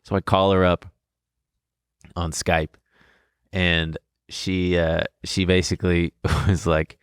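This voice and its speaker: Podcast co-host, male, deep-set voice, frank and laughing as he recounts. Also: flat delivery, slow, pauses often, smooth, dry recording, clean studio sound. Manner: candid, laughs through his story, swears freely. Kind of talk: casual storytelling chat.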